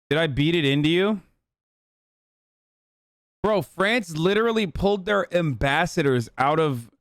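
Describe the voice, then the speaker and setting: A man's voice: high voice, smooth, no room sound. A man on a livestream talking in loose, profane, rambling casual chat into a close mic.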